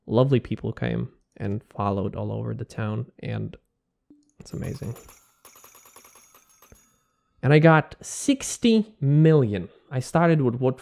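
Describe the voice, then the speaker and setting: Gravelly laid-back young gaming vlogger man. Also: medium pitch, dark tone, no room sound, studio quality. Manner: rambling, laid-back, says "dude" a lot. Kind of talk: casual gaming recap vlog.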